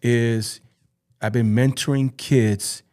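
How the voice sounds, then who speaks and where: As a podcast guest, an earnest man tells emotional personal stories about his football life. His mellow voice sits at an ordinary middle pitch for a man, with fairly even intonation. He speaks in halting bursts and keeps circling back over his own phrases.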